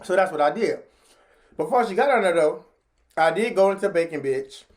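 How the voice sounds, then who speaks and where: Chatty animated woman telling a story. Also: normal speed. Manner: animated, jumps into high pitch when acting out what people said; slangy and chatty, talks straight to viewers. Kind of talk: casual storytime monologue.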